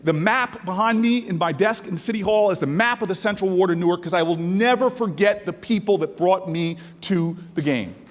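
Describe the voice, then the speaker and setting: A man's voice: high-pitched, moderate pace, few pauses, a little hiss or hum. A man giving a stirring, preacher-like speech to a conference, building to soaring emphasis. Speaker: keynote speaker. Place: large conference hall. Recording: long reverb of a large hall.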